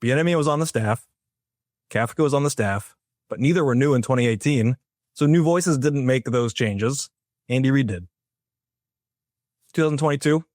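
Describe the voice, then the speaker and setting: A man's voice: medium pitch, dry recording. A man co-hosting a sports podcast, laying out an argument in a dry, methodical way. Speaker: podcast co-host. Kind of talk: sports opinion monologue.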